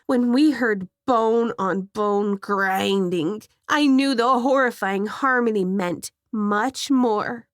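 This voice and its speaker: A woman narrating a scripted horror story in a measured, suspenseful way, close to the mic. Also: on the high side, dry recording.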